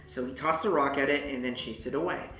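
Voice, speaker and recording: Animated young woman telling a story. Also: very deep voice, brisk, faint music behind. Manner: animated, swearing, talks straight to the viewer. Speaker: vlogger. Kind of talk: casual storytelling vlog. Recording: echoey room.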